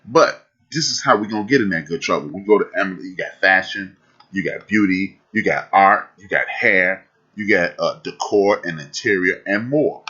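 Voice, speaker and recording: Husky deep-voiced preachy man. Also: animated, normal speed, pushed and bright, lo-fi sound. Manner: fiery and preachy, repeats phrases for emphasis. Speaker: podcast host. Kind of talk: live-streamed talk.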